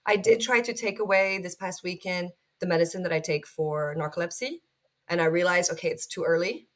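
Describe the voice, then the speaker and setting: Animated woman telling a story, lowish voice. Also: fairly quick. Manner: animated storyteller, acts out voices when recounting. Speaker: guest. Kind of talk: conversational podcast interview.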